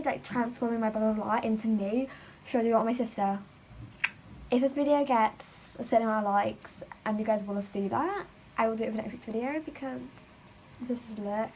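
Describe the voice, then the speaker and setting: Chatty teen girl, slightly high. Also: a little mellow, slight background noise, poor audio. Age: teens. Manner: chatty, rambling, lots of "like". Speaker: beauty vlogger. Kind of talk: makeup tutorial chat. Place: home.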